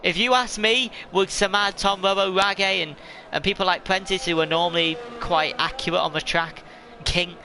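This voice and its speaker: A man giving live, chatty commentary on a sim race, rambling and laughing at himself. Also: sits high.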